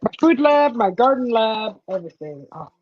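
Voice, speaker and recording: A woman hosting a casual livestream chat, excitable and gushing, laughing often. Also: on the high side, normal speed, no room sound, lo-fi sound. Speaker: livestream host.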